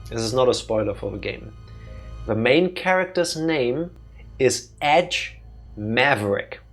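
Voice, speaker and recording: A man's voice: medium pitch, animated, measured pace, vocal fry, soft background music. Wry young man doing game commentary. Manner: wry, joking and rambling with restarts. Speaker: let's play streamer. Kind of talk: casual gameplay commentary.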